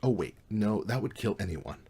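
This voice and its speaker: Man reading as a sarcastic young roommate, deadpan, low, husky. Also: moderate pace, exaggerated voice. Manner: dry, deadpan.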